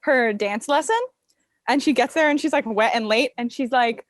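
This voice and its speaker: A young woman in her twenties chatting as a podcast guest, animated and quick to giggle. Her voice sits a little high. The sound is dry and close, with no room echo. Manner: animated, giggly, slangy storyteller. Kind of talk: casual podcast chat.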